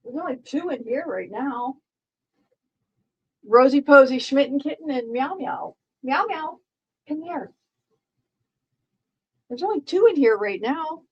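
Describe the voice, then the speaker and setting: High-voiced woman rambling on a stream. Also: lively intonation, normal speed, slightly rough, dull audio. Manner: rambling, repeats herself, joking and talking to chat. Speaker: live streamer. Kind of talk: casual live-stream chat with viewers.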